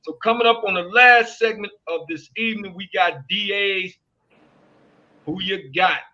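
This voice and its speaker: A middle-aged man hosting a casual sports talk show, telling animated stories with laughs and loose slang. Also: high voice, measured pace. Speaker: show host. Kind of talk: casual storytelling chat. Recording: dull lo-fi sound.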